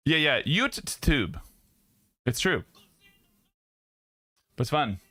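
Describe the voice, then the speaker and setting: A man's voice: a little high, big pitch swings, slow, bright, forceful tone, no room sound. A young man hosting a livestream, chatting casually and jokingly with viewers, often laughing and rambling. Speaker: streamer host. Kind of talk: casual chat with stream viewers. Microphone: studio mic.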